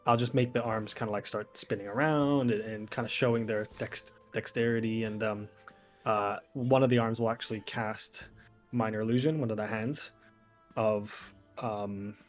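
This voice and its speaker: A man's voice: fairly low pitch, steady tone, normal speed, faint music behind. Man casually narrating his game character. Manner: rambling, lots of fillers. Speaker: player.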